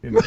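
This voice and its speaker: A man's voice: very high-pitched, pushed and bright, slight background noise. Playful man hosting a live stream. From USA. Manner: goofy, playful, laughs often. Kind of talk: casual chat.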